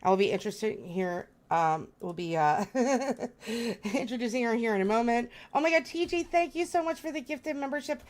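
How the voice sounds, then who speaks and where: A woman's voice: on the high side, expressive, normal speed. A woman hosting a live stream, gushing and flustered as she thanks her viewers.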